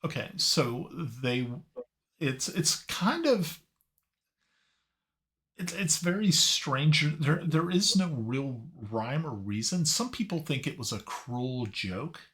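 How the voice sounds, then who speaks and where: Slow, halting male game master. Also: fairly high pitch, lively intonation, fairly bright tone. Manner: halting, searching for words. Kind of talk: narrating a tabletop game.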